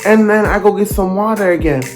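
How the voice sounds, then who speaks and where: A young man narrating a storytime vlog in an animated, dramatic, slangy way. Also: high-pitched, a little fast, soft background music. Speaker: vlogger.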